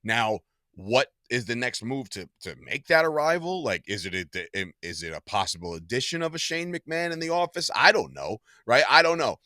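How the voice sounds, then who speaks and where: A man's voice: medium pitch, very animated, normal speed, sharp tone, dry recording. A man co-hosting a wrestling podcast in casual chat, opinionated and blunt, swearing freely. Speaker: podcast co-host.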